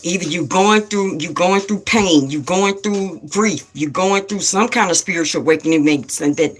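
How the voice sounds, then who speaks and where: A woman hosting a spiritual livestream, scolding viewers and repeating herself for emphasis in a rapid-fire way. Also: on the low side, husky. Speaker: livestream host.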